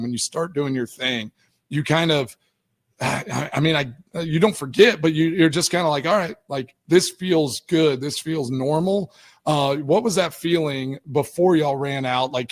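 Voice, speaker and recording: A young adult man hosting a sports radio show, relaxed and full of fillers as he asks questions. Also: mid-range voice. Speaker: radio host. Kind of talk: casual radio interview.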